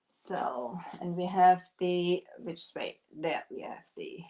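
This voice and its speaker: A woman's voice: lowish voice, takes it slowly, dark tone. A woman who owns a craft shop, hosting a casual live stream. She talks while she works and thanks her viewers by name. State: out of breath.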